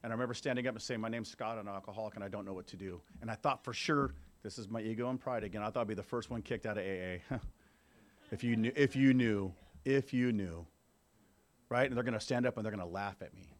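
Man, 50s, fairly low voice, recovery meeting speaker, candid personal testimony, conversational, talks straight to the audience. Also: racing.

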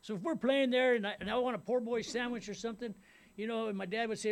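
A man's voice: high-pitched, fairly even intonation, fast. A middle-aged man from Ventura County, California, giving a personal testimony as a rambling storyteller who repeats himself and keeps saying "you know what I mean". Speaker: speaker sharing his recovery story.

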